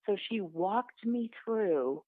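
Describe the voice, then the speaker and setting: A woman's voice: mid-range voice, slow, no echo. Woman telling her story over a tinny line. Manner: lively, swears freely, acts out what others said. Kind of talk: candid conversational storytelling. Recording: tinny phone-like sound, dry.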